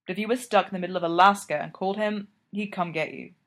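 A man's voice: high-pitched, fairly even intonation, quick pace, fairly bright tone. Woman reading as a blunt young college guy, firm and teasing. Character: tipsy young male college friend, blunt and protective.

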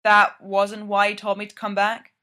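Woman reading young businessman, calm, wry, dry humor, bright voice. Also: medium pitch, moderate pace, natural voice.

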